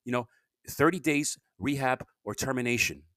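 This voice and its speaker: A man's voice: mid-range voice, normal speed, fairly bright tone, dry recording, studio quality, lightly acted. A man quoting a stiff, formal male psychiatrist who speaks in a cold, scripted way. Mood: stern.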